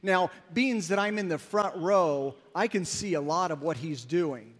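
A pastor giving an emphatic, storytelling sermon in a church sanctuary. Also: male voice, a little high, animated, unhurried. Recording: long reverb in a large hall.

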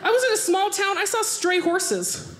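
A woman's voice: extremely high pitch, animated, moderate pace, a crowd in the background. A woman comedian from the United States doing a stand-up set on a club stage, acting out voices and laughing along with her own jokes. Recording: roomy club with audience laughter. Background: audience laughter.

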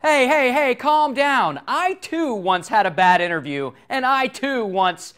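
A man's voice: extremely high pitch, lively intonation, a little slow, a bit bright, clean tone. A man hosting a comedy show, giving sarcastic, crude commentary on viral videos to the camera. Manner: sarcastic, crude, punchline-driven.

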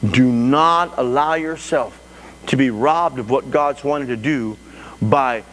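A man preaching a sermon as pastor to a live congregation, talking in an animated way with frequent restarts. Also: mid-range voice, slow. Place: church sanctuary before a congregation. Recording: echoey church hall with faint hum.

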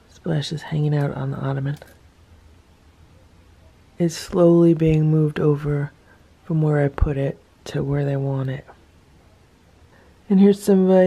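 A cat vlogger narrating a casual home vlog in a calm, matter-of-fact way, filming around the house and yard. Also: medium pitch.

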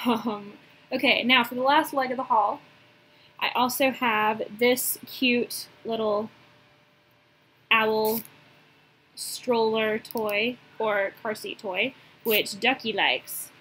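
A young woman, casually chatting through a shopping haul, gushing and filling pauses with "um". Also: fairly high pitch, steady tone, a bit bright, husky, poor audio. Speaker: reborn doll collector showing a haul.

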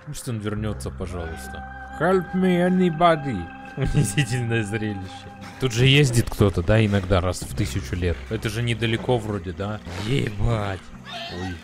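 A man's voice: on the low side, lively intonation, normal speed, music in the background. A man with a Russian accent, a native Russian speaker, playing a migrant in a game roleplay who pleads in broken English and talks aside to viewers.

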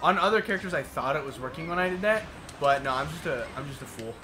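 A man's voice: fairly high pitch, lively intonation, fast talker. A young man swearing and exclaiming in frustration while playing a video game with a friend. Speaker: let's play co-host. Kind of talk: casual gaming banter. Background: video game music.

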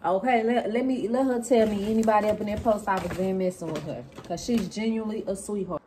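A woman's voice: mid-range voice, quick pace, a little hiss or hum. A woman, chatting casually and expressively to her viewers in a vlog. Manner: animated, chatty and expressive, talks straight to viewers. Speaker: vlogger. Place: in a car.

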